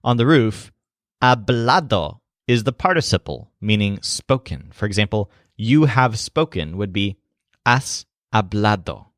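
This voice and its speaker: A man narrating a language lesson in a clear, explanatory way. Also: on the low side, expressive, measured pace, a bit bright, dry recording, studio quality. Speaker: language teacher.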